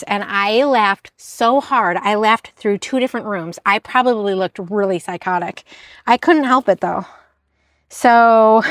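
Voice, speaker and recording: A woman's voice: medium pitch, no room sound, studio quality. A woman chatting casually in a haul video, bubbly and self-deprecating as she shows her thrift finds. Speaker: reseller vlogger.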